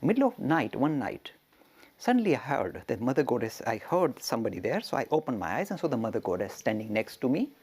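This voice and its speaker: A man giving a storytelling lecture as a religious teacher, animated and chuckling, with rhetorical questions. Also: mid-range voice, fairly quick, slightly rough.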